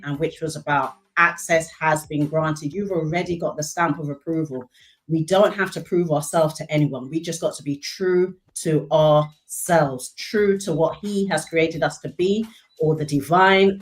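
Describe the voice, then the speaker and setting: A woman in her fifties giving an earnest, emotional, faith-filled testimony at an event. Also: low voice. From Barbados. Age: 50s. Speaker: event speaker, clinical services director. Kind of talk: heartfelt testimony.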